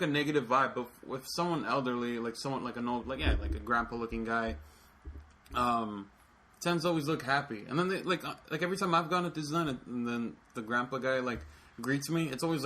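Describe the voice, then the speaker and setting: A man co-hosting a podcast in casual chat, talking quickly with many halting restarts. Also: medium pitch, bright, forceful tone, a little hiss or hum. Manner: quick, halting, repeats words. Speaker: podcast co-host.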